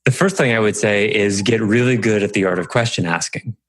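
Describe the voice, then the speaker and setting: A man hosting a podcast, coaching a guest in a calm, reflective way. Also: on the low side, brisk, no room sound. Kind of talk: coaching conversation.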